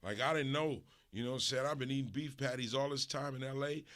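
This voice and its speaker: A middle-aged Los Angeles man hosting a stream rants through a comic story, animated and profane, talking fast with big swings in pitch and volume.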